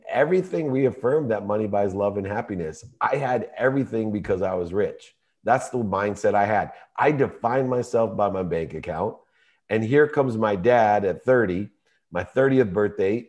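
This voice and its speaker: Man, 50s, guest storyteller; low-pitched, emotional and animated. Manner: emotional, animated storytelling with laughs and vivid quotes. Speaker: podcast guest. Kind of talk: personal storytelling in conversation.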